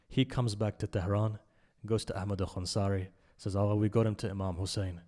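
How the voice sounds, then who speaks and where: Impassioned low-voiced man preaching. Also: little pitch movement, fairly quick, hardly any pauses. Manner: impassioned, rising to loud emphasis and dropping to hushed asides. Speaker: speaker at a memorial majlis. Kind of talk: sermon with storytelling.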